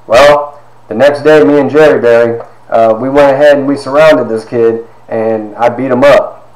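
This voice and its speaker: A man in his fifties giving a personal testimony, halting with fillers and acting out quoted dialogue. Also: mid-range voice, fairly even intonation, a little mellow, a little hiss or hum. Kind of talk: personal storytelling talk. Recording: roomy echo.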